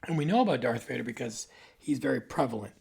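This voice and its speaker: A man in his forties talking casually to camera, rambling and conversational, sometimes dropping into soft asides. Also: medium pitch, expressive, fast, vocal fry. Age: 40s. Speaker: video host. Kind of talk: casual monologue.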